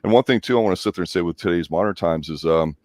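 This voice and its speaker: A man's voice: deep voice, rapid-fire, a little mellow, dry recording. A man co-hosting a casual movie review show, giving his opinions in a lecturing way.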